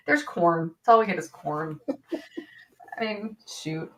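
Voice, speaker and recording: A woman physician hosting a casual live-stream chat, talkative and quick to laugh, with lots of fillers. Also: mid-range voice, animated, a bit bright, far from the mic, dull audio. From western New York. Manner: chatty, laughs often, many fillers. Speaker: physician host.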